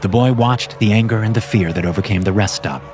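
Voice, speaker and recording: A man narrating a horror story in a measured, steady scripted reading. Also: lowish voice, over music.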